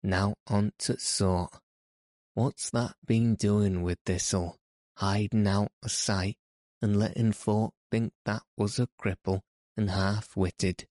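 A man doing a gruff old Yorkshire gardener. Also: lowish voice, fairly even intonation, slow pace, darkish tone, no room sound, studio quality. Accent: Yorkshire dialect. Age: older.

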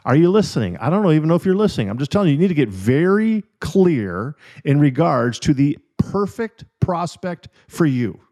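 A man's voice: on the high side, very animated, fairly quick, hardly any pauses, dark tone. A middle-aged man hosts a solo coaching podcast in an emphatic, direct manner. He addresses the listener head-on and repeats key words to drive his point home. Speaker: podcast host and insurance business coach.

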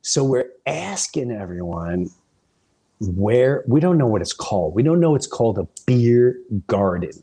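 Sex: man. Role: podcast host and comedian. Style: off-the-cuff storytelling. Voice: husky, middle pitch, animated and rambling. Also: unhurried.

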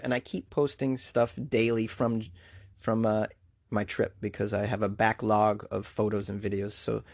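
A male podcast host talking in a loose, rambling way, full of fillers and shout-outs to listeners. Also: medium pitch, creaky, no echo, clean studio sound. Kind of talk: casual podcast chat.

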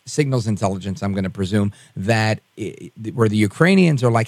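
A man hosting a political talk show, talking in an animated, conversational and rambling way. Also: fairly low pitch, brisk, hardly any pauses, dry recording.

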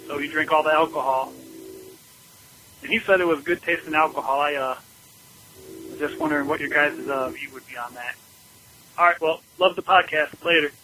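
Halting man leaving a voicemail. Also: fairly high pitch, fairly even intonation, rough recording. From Ohio. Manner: halting, full of uh and um. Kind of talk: rambling voicemail story.

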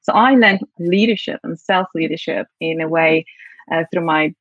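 Speaking in a low voice at normal speed, a Polish-born interview guest reflects with frequent fillers, her British accent touched by her Polish mother tongue. The recording is dry and lo-fi.

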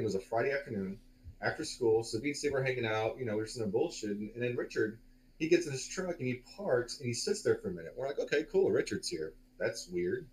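A man in his forties spins a long story in a relaxed, meandering way. His voice sits at a middle pitch, and he swears freely and fills his pauses as he goes. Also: low-quality recording. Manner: loose, profane, rambling with many fillers. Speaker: podcast co-host. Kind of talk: casual storytelling.

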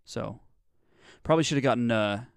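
A man's voice: mid-range voice, moderate pace, gravelly, smooth, no echo, studio quality. A man co-hosting a casual comedy podcast, rambling and joking with lots of fillers and restarts. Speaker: podcast co-host.

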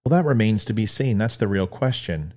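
Emphatic man with lively pitch. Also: fairly quick. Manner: emphatic, punchy, preachy. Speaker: host. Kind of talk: opinionated commentary monologue.

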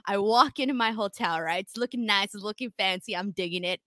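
An American woman hosting a casual live-stream chat, telling stories in an animated way with frequent swearing. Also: mid-range voice, brisk, no room sound. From United States. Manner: animated, swearing storyteller, laughs often. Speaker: podcast host.

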